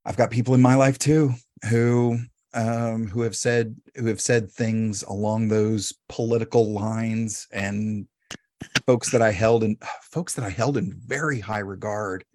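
A man hosting a podcast, who tells stories in a chatty, animated way and often restarts his phrases. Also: lowish voice, unhurried, no room sound. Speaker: podcast host. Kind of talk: casual podcast conversation.

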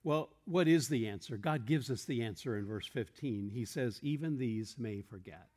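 A man's voice: mid-range voice, lively intonation, normal speed, a little mellow. A man preaching a sermon in a church room, earnest and explanatory, posing questions and quoting verses to the congregation.

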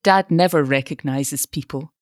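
A woman's voice: deep voice, normal speed, no echo, clean studio sound, lightly acted. A woman voicing a shy, earnest young woman who speaks for her father. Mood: pleading. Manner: pleading, shy.

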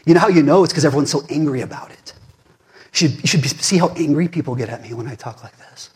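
A man's voice: fairly high pitch, fast, husky. Fired-up man preaching a sermon. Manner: fired-up, conversational preaching with big swings from loud to hushed. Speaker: pastor.

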